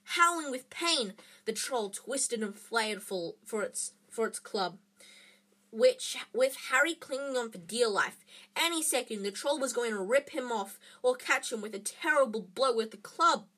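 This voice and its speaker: A woman reading a children's book aloud in an expressive way, with small slips and restarts. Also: fairly high pitch, moderate pace. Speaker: reader.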